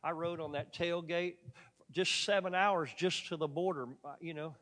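A man preaching a sermon, telling a story dramatically and swinging from loud emphatic peaks to quiet asides. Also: fairly high pitch, steady tone, normal speed, big-room sound.

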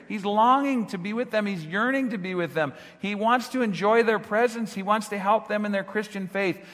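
Brief: male pastor, sermon delivery, slightly higher voice, long church reverb. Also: normal speed, hardly any pauses. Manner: earnest preaching, rhetorical questions, swings from hushed to shouting.

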